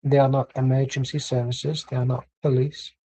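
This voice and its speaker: A man's voice: mid-range voice, little pitch movement, moderate pace, warm tone, husky, rough recording. A man doing casual live match commentary from home, rambling and blunt with plenty of swearing. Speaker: watchalong streamer.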